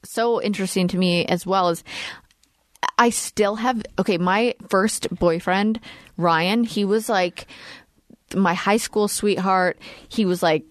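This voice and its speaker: Woman, 30s, podcast host, candid, animated storytelling, laughs a lot, mid-pitched, dry close mic. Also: slow, dry recording. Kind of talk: casual chat.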